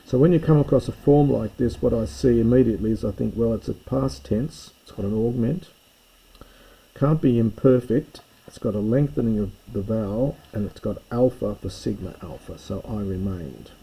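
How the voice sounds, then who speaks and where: Husky, dark-voiced man teaching Greek. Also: mid-range voice, normal speed, rough recording. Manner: methodical, explaining forms step by step. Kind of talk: recorded lecture.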